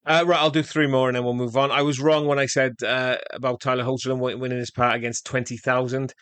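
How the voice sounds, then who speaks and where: A man with a middle-pitched voice co-hosting a podcast and reading trivia aloud. His delivery is steady and matter-of-fact, and the recording is dry and close. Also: fast, smooth, dry recording. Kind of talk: casual chat with read-out facts.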